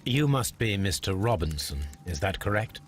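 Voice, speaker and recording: Game detective: shrewd, courteous, formal, low and animated. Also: male voice, normal speed, slight background noise. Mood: composed. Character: shrewd, polite adult male detective. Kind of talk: video game voice acting.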